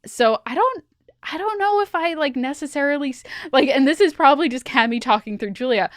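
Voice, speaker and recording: A woman who plays in the game, chatting on a podcast in a quick, emphatic, laughing way. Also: sits high, lively intonation, dry recording, clean studio sound. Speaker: player and co-host. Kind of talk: casual podcast chat.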